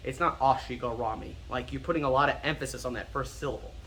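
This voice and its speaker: An American martial arts instructor explaining terms in a casual teaching style. He is self-confessedly nerdy and repeats words slowly to drill their pronunciation. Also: mid-range voice, bright, forceful tone. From United States.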